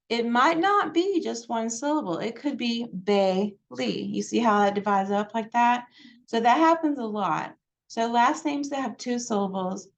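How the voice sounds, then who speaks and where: Woman genealogy presenter, chatty and meandering, slightly high voice. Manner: chatty, digressive, many fillers. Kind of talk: library presentation.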